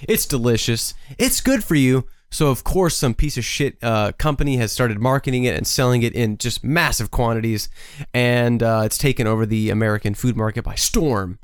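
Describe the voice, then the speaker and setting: A man's voice: medium pitch, moderate pace, clear, resonant tone, dry recording, studio quality. A man co-hosting a casual film podcast, recapping the plot with enthusiastic, profane asides. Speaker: podcast co-host. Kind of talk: casual film review chat.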